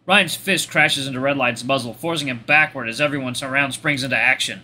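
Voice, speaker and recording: Bright-voiced man reading a story aloud. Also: medium pitch, a little fast, few pauses, a little hiss or hum. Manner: expressive first-person narration, occasional stumbles. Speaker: let's play host. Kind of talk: reading a visual novel aloud.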